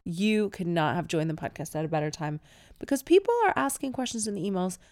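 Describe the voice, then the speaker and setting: Woman podcast host, lower-pitched, giggly, reads listener mail with animated delivery. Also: quick pace. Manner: giggly, keeps breaking into laughter while reading. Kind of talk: casual podcast chat, reading listener emails.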